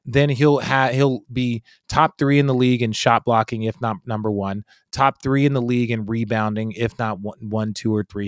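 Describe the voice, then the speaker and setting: A man's voice: fairly low pitch, dry recording, studio quality. A man in his forties, a guest analyst in a casual podcast chat, talking emphatically and swearing freely.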